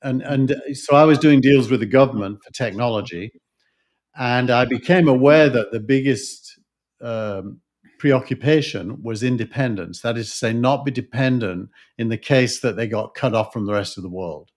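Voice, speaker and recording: A man's voice: medium pitch, moderate pace, darkish tone. A man with a Yorkshire accent, co-hosting a podcast discussion, talking thoughtfully with many fillers and restarts. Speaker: podcast co-host. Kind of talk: casual discussion.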